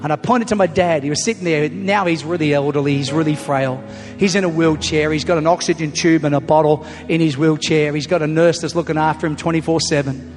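A middle-aged man preaching a sermon as a pastor, telling a story emphatically and building to loud punchlines. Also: on the high side, steady tone, a little fast. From Australia. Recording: long hall reverb, faint music.

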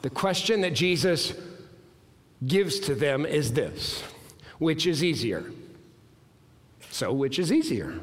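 A man in his thirties preaching a sermon, earnest and emphatic, climbing to strong peaks and dropping low. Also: lively intonation, slow, pauses often. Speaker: pastor. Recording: reverberant hall.

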